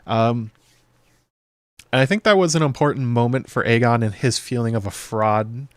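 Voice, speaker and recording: A man hosting a video show, talking through a TV episode in loose, chatty commentary full of fillers and quick playful impressions. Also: medium pitch, no room sound, studio quality. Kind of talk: casual episode breakdown commentary.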